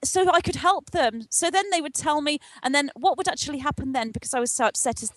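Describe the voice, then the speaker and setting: An older woman telling her spiritual experiences in an interview, earnest and animated, acting out the voices in her story. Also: high-pitched, quick pace. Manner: earnest, animated retelling with acted-out dialogue. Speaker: guest, spiritual channel.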